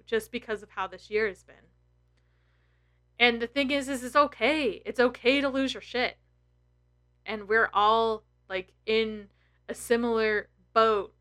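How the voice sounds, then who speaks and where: Bright-voiced woman in her thirties, swearing freely. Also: on the high side. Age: 30s. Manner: emotional, blunt and heavy on swearing. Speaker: tarot content creator. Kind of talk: candid personal vlog.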